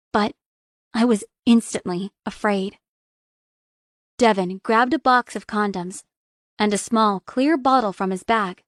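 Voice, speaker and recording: A young adult woman narrating a first-person romance audiobook in a soft, intimate reading. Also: mid-range voice, no room sound, clean studio sound.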